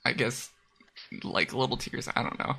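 A woman's voice: a bass voice, moderate pace, creaky. A woman hosting a stream, chatting casually and a bit hesitantly with many fillers. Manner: relaxed, hesitant, lots of fillers. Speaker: streamer host. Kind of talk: casual chat.

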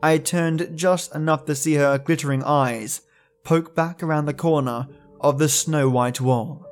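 Podcast storyteller: man with a slightly high voice, steady and deliberate, soft music underneath. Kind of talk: storytelling narration.

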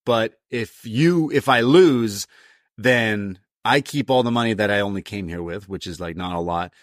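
A man's voice: fairly low pitch, moderate pace, no echo, studio quality. A man co-hosting a podcast review, animatedly retelling scenes and slipping into put-on voices for the characters. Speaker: podcast co-host. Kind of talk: casual review chat.

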